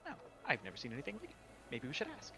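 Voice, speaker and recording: A man voicing a tiny rapid male sprite with dragonfly wings, high-pitched and tripping over his words. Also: wildly swooping pitch, music in the background. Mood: flustered.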